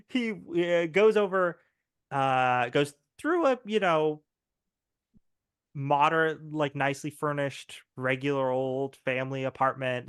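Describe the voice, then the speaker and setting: A man's voice: medium pitch, smooth. A man narrating a tabletop game as game master, loose and full of laughs and fillers.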